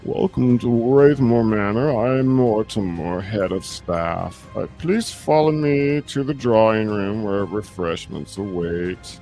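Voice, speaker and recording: A man's voice: lowish voice, takes it slowly, hardly any pauses, mellow, faint music behind. A man voicing a stiff, formal male butler who is head of staff in a mystery play. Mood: stiffly formal.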